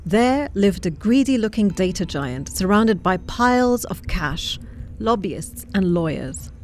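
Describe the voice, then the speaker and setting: A woman narrating a storybook tale in a steady, lightly wry way. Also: medium pitch, unhurried, slight background noise.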